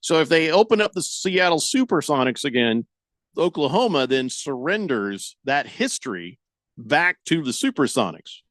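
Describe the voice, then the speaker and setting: A man's voice: a little high, big pitch swings, moderate pace, a bit bright, no room sound. A man hosting a casual sports radio show, reading listener comments aloud and adding wry asides.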